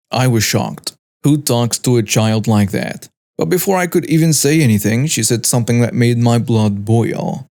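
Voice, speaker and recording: A man narrating a first-person story in a steady, even storytelling delivery. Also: mid-range voice, unhurried, gravelly.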